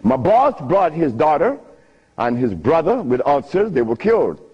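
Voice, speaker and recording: An older man giving a talk, telling stories with frequent laughter and big swings in pitch. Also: big pitch swings, normal speed, darkish tone, breathy edge. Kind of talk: animated storytelling lecture. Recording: muffled lo-fi recording.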